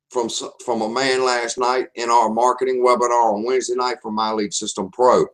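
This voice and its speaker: Slow, emphatic Southern man. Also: mid-range voice, steady tone, a bit bright. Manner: slow, emphatic, repeats key phrases. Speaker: webinar presenter. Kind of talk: online marketing webinar talk.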